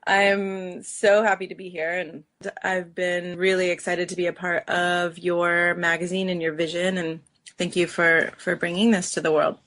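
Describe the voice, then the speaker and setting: Animated woman guest on a podcast. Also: on the low side, moderate pace. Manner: warm, animated, laughs easily. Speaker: podcast guest, workshop leader. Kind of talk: casual podcast conversation.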